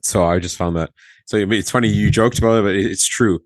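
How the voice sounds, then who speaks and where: A man's voice: on the low side, fast, no echo. A man, a former flight attendant, casually telling a story on a podcast, acting out the dialogue and laughing often. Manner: animated, acts out quoted dialogue, laughs often.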